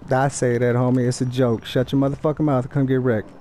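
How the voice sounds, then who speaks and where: A man's voice: mid-range voice, little pitch movement, quick pace, mellow, slight background noise. A young man trash-talking other players in an online game over a headset mic, taunting, profane and boastful. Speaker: gamer streaming online play.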